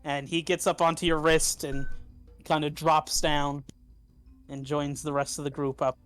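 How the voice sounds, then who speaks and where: Guy dming a tabletop game, kinda high voice, lots of uh and like, faint music behind. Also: flat delivery, unhurried, a bit bright. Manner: hesitant, filler-heavy rulings. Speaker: game master.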